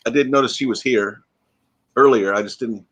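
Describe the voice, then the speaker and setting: A man hosts a relaxed live stream, talking in a loose, rambling way as he greets viewers and reacts to their comments. His voice sits at an ordinary middle pitch. He sounds like he only just woke up. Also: moderate pace, husky. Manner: chatty, reads viewer comments aloud and answers them. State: groggy, freshly woken. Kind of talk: casual live stream chat.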